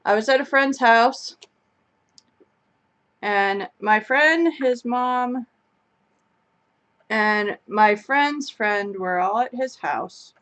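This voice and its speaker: Animated young woman telling a story. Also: a little high, very slow, pauses often. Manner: animated, laughs through her story. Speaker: co-host of a live chat stream. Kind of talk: casual storytelling chat.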